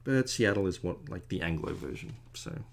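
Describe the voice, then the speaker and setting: Creaky-voiced man rambling while drawing. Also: low-pitched, lively intonation, moderate pace. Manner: chatty, digressive, self-deprecating. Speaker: artist drawing a commission.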